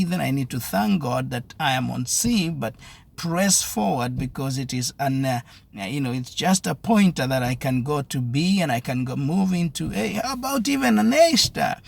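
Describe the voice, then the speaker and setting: A man's voice: mid-range voice, gravelly. A man giving a devotional sermon with earnest, repetitive exhortation. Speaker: preacher.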